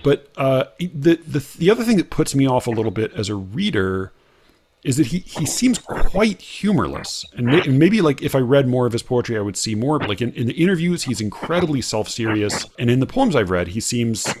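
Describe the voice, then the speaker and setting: An American man co-hosting a casual talk about poetry. He speaks with many fillers and restarts and gets animated when he makes a point. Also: medium pitch, a little fast, husky. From United States. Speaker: podcast co-host.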